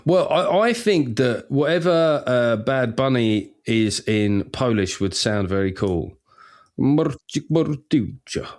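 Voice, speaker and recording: A man's voice: mid-range voice, unhurried, hardly any pauses. A man hosting a podcast in casual comedic chat, dry and rambling, often restarting his sentences. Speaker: podcast host.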